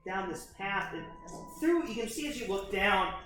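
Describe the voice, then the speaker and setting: A man running a tabletop horror game as game master, describing scenes in a halting way, full of restarts and fillers. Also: sits high, animated, pushed and bright, very echoey, far from the mic, faint music behind, rough recording.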